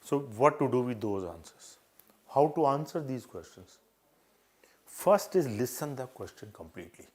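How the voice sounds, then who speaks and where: A man's voice: mid-range voice, big pitch swings, normal speed, a little mellow. Older indian english guy coaching on interviews, earnest, says things twice. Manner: earnest, repetitive, acts out interview exchanges. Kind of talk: live advice session.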